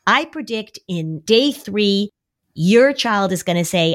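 A woman's voice: expressive, takes it slowly. A middle-aged woman therapist on a podcast, explaining to parents how to respond to a child's worry and now and then mimicking a whiny child. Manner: warm, coaching, acts out kids' voices in a high whine. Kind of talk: conversational advice podcast.

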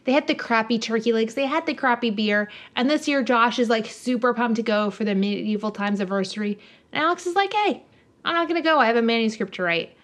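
A woman co-hosting a podcast in casual chat, animatedly retelling a show and acting out the characters' lines. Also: fairly high pitch. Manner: animated, acts out characters' lines in quick voices. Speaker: podcast co-host.

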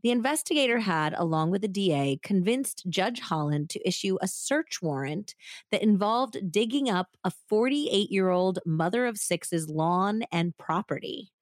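A woman's voice: mid-range voice, expressive, normal speed, no room sound, clean studio sound. A woman co-hosting a true crime podcast, telling the story with dramatic flair and joking between segments. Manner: dramatic storytelling, playful banter.

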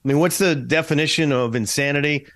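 A man co-hosting a podcast in casual chat, talkative and quick to laugh. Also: fairly high pitch, a bit bright. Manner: laughs often, eager and talkative.

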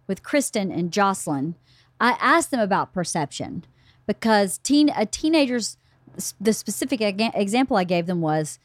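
A middle-aged woman hosts a casual book club podcast, chatting animatedly at a moderate pace about family stories and acting out relatives' dialogue. Her voice is medium-pitched, with no echo.

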